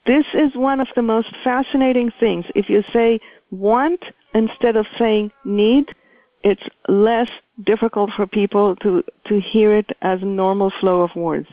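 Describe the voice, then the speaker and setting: Measured woman teaching over a tinny line. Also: mid-range voice, steady tone, dry recording. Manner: measured, deliberate, pausing often. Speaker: workshop facilitator. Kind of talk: teaching a communication workshop. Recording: dry, phone-like line.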